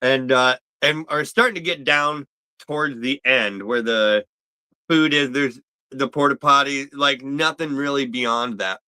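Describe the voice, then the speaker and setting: A man's voice: mid-range voice, a little slow, sharp tone, smooth, no echo, rough recording. A man talking as a guest in a casual chat, laid-back and rambling with lots of fillers.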